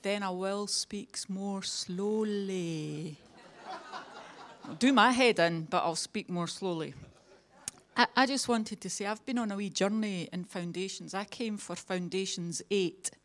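A woman's voice: medium pitch, moderate pace. A woman with a Scottish accent giving a personal testimony at a church meeting, chatty and self-mocking with a humorous streak. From Scotland.

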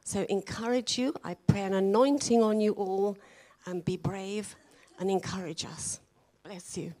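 A woman leading a church gathering, speaking in a gentle, encouraging manner. She talks slowly and unhurriedly, urging her listeners on. Her pitch is medium. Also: steady tone. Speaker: meeting leader. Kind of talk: church exhortation.

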